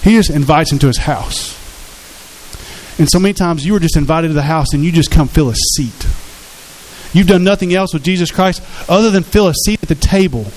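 A man's voice: fairly high pitch, a little fast, a little mellow, poor audio. A man preaching a sermon as pastor, earnest and conversational, acting out quotes from his congregation.

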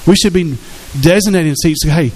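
A man's voice: a little high, a little fast, darkish tone, low-quality recording. A man preaching a sermon as pastor, in a conversational way, often asking the congregation questions. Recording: faint hiss in the background.

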